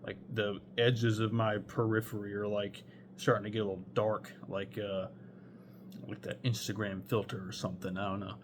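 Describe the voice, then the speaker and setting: A man's voice: lowish voice, little pitch movement, normal speed, background noise. A young man telling a rambling storytime anecdote, full of fillers and swearing. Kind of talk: casual storytime monologue.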